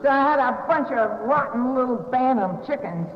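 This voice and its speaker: A woman's voice: high voice, animated, moderate pace. An older woman with a Southern US accent tells her recovery story to an audience with wry, self-mocking humor. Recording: dull echoey hall recording.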